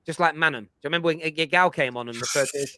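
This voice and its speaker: A man's voice: fairly high pitch, very fast, a little hiss or hum. A man hosting a football fan show, explaining his points emphatically and at length in casual chat. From England. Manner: emphatic, lecturing, animated.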